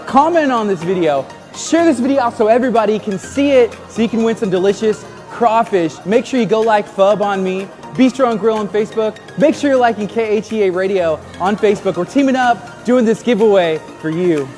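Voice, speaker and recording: A man's voice: high voice, a little fast, hardly any pauses, a little mellow. Male radio host, promo read, upbeat, with faint music under it. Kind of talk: promo video announcement.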